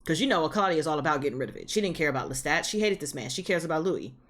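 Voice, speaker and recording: A woman's voice: low-pitched, animated, racing. A woman hosting her reaction channel, chatting casually through an episode recap with lots of fillers and repeated phrases.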